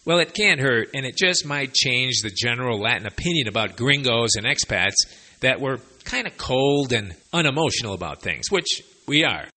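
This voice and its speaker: A man's voice: medium pitch, moderate pace. A man giving a conversational language lesson to expats, explaining phrases with wry, sarcastic asides. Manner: lively, chatty explaining. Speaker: Spanish teacher for expats.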